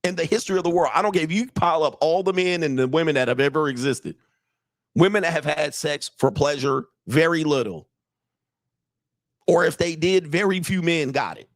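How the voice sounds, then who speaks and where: Streaming live as a dating and relationship coach, this man talks fairly quickly in a voice on the high side, recorded dry with clean studio sound. His casual monologue is profane, blunt, and repetitive, and he keeps asking the audience to agree or challenging them to disagree.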